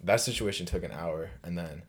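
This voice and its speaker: A man's voice: low-pitched, fairly quick, breathy edge. A man in his twenties casually telling a profane dorm story as a resident advisor, laughing often as he goes. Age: 20s.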